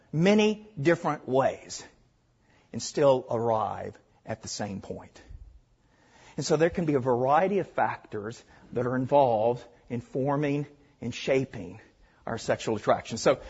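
An older man with a Southern accent, from Arkansas, preaching a sermon, stressing points loudly and then dropping to hushed asides. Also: on the high side, slightly rough, lo-fi sound. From Arkansas, USA. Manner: emphatic, swings between loud stresses and hushed asides.

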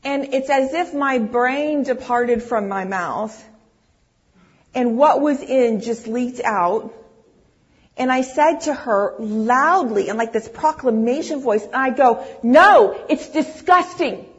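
Animated woman telling a story from the stage. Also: a little high, slow pace. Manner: animated storyteller, acts out her own lines. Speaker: pastor's wife speaking to a congregation. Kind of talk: storytelling talk, sermon-like. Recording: dull, muffled sound.

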